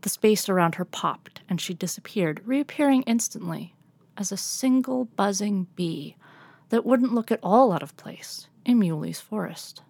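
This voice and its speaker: A woman reading a storybook aloud, with soft, breathy asides. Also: medium pitch, lively intonation, a little slow, no echo.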